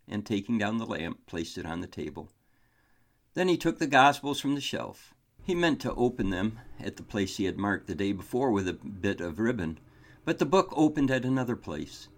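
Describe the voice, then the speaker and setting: A man narrates a story aloud in a calm, measured and earnest way. His voice sits low and has a gravelly, creaky texture that runs through his steady reading.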